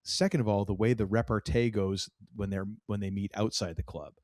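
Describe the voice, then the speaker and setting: A male podcast co-host talks eagerly and casually about a TV show, performing quotes and laughing frequently. His voice is on the low side, steady and darkish, fairly quick, with clean studio sound and no room sound.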